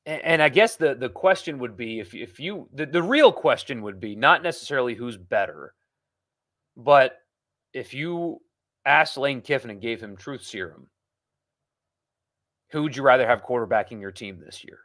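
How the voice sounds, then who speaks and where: Guy hosting a sports livestream, rambly, keeps restarting sentences, regular pitch. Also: lively intonation, normal speed, fairly bright tone. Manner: rambling, frequent restarts and fillers. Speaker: sports podcast host. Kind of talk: casual live-stream chat reading comments.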